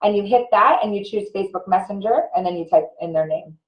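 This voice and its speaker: A woman's voice: mid-range voice, fast talker. Earnest woman on a dull, echoey line. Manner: earnest, explains tips step by step. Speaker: guest. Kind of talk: casual live video chat.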